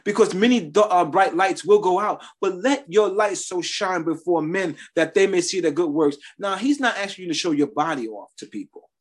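A man's voice: high-pitched, expressive, moderate pace, few pauses, husky. A man preaching a sermon, sharing his testimony in a conversational style with emphatic rises.

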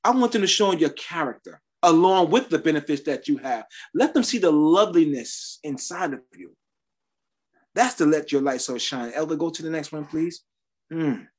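A man's voice: a little high, animated, normal speed, slightly rough. Man preaching a personal testimony. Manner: testimonial, conversational preaching with emphatic rises. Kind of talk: sermon.

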